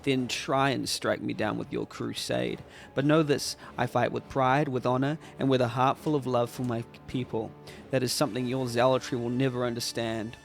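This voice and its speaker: A man's voice: medium pitch, steady tone, moderate pace, vocal fry, soft background music, close to an everyday voice. Guy doing a proud king voice, solemn and commanding. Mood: defiant. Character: proud defiant middle-aged king.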